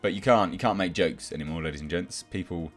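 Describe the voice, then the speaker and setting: A deep-voiced man delivers a sarcastic, exasperated rant as a commentator, mocking and scoffing as he goes. Faint music sits quietly behind his voice. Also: fast talker. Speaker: YouTube film commentator. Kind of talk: ranting commentary.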